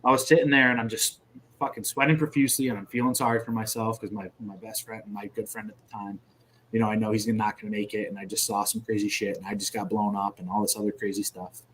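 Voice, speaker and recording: A male military veteran on a podcast, retelling combat in a casual, profane and vivid way. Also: fairly low pitch. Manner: profane, vivid, animated retelling with sound effects. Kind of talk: casual war storytelling.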